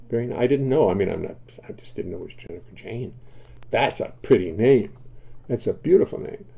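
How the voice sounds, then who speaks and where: A man, a singer and bassist, chatting with online viewers between songs in a relaxed, joking way from his home studio. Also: creaky, highs cut off. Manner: wry, joking asides. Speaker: singer and bassist hosting a livestream.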